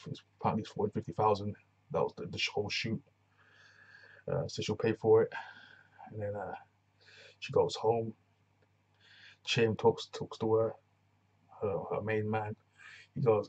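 A man's voice: fairly low pitch, level tone, unhurried, long pauses, a little mellow, breathy edge, dull audio. A man giving a casual, rambling recap of a TV episode, full of slang and restarts. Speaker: TV reviewer.

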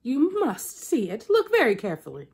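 Woman playing a male spider trickster, lazy, scheming, high and loud, insistent, storybook reading. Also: huge pitch swings, moderate pace, breathy edge, heavily acted. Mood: angry. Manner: insistent, rising to shouting.

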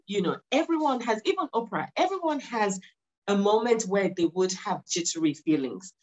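A woman's voice: mid-range voice, very animated, normal speed, a little mellow, poor audio. Earnest, encouraging woman guest. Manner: earnest, encouraging, repeats for emphasis. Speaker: podcast guest, mindset stylist. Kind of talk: conversational interview.

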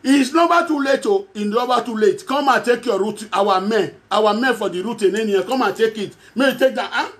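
A man's voice: high voice, fairly quick, few pauses, a bit bright. A man from Edo State speaking Nigerian Pidgin with an Edo accent, addressing followers in a rambling, repetitive monologue and chuckling often. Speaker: self-styled prophet addressing followers. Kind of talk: direct-to-camera monologue.

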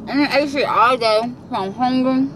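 A young woman with a high voice vlogs casually at a moderate pace, first from her car and then in a large home decor store, chatting, swearing, and venting her frustration. The phone recording is noisy with traffic and store sounds.

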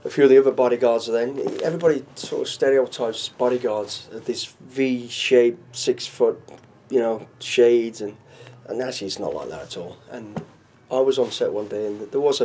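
A man's voice: mid-range voice, fairly quick, few pauses, warm tone, a little hiss or hum. A middle-aged man, a former soldier, chatting as an interview guest and telling stories with many "you know"s. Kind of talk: casual interview.

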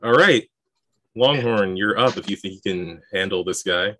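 A man running a tabletop game as game master, relaxed, laughing often and filling pauses with "uh" and "um.". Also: lowish voice, no echo.

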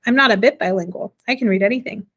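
Tiny girl nearly fourteen, voiced by a woman, thin clear voice, brave, wary, higher than the reader's own. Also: fast talker, a bit bright, lightly acted. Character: frightened but bold tiny girl, almost fourteen.

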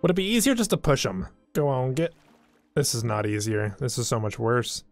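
A man's voice: mid-range voice, very animated, normal speed, dry recording, faint music behind. A young man hosting a game let's play, joking around and talking to his horse as he plays, with bursts of mock dismay. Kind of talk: casual gameplay commentary.

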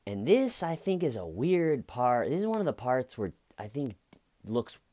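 A man's voice: medium pitch, very animated, moderate pace, warm tone, no room sound. A man giving casual true crime commentary in a rambling, conversational way. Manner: rambling, conversational, acts out quoted lines.

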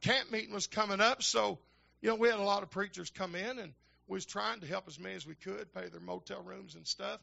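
An older man, a minister telling folksy stories in a sermon that build to shouting fervor. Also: sits high, fairly quick, gravelly, muffled recording. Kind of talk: storytelling sermon.

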